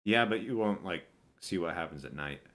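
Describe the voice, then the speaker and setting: A man with a very low voice narrates as the game master of a tabletop game. He speaks casually, stopping often with fillers and restarting his sentences. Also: animated, moderate pace, fairly bright tone.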